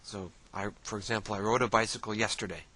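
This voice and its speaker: A man explaining things in a casual, relaxed screen-share tutorial, using many fillers and restarts. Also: lowish voice, fast, poor audio. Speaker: language teacher.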